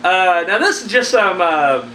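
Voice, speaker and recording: A man's voice: high-pitched, animated, a little slow, bright, forceful tone. A man giving casual, rambling horror movie news commentary, blunt and full of profanity. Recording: echoey room, mic at a distance, faint background noise.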